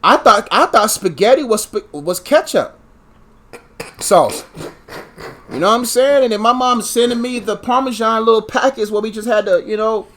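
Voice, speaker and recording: A man co-hosting a podcast, chatting casually and acting out childhood stories with lively comic energy. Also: sits high, normal speed. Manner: animated storyteller who acts out his childhood. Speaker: podcast co-host. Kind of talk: casual comedic chat.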